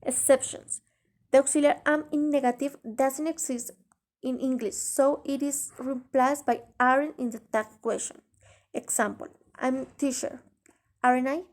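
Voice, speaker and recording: A woman teaching an English grammar lesson in a halting way, pausing mid-sentence and reading example sentences aloud. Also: sits high, a little mellow. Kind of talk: grammar lesson explaining tag questions.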